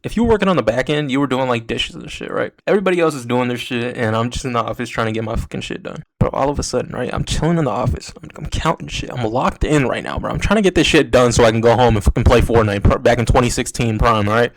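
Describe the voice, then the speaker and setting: A man's voice: medium pitch, quick pace, gravelly, hardly any pauses. A young adult man telling a storytime in a casual, profane, slang-heavy way, with constant asides to the listener. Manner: profane and slangy, peppered with "bro". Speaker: storytime vlogger.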